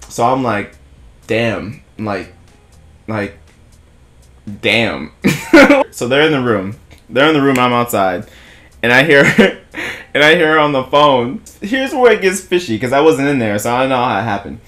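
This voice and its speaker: A man's voice: medium pitch, unhurried, long pauses, faint music behind. Young man telling a wild story. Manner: animated, laughing, profane storytelling with voiced quotes. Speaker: vlogger. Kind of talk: casual storytelling.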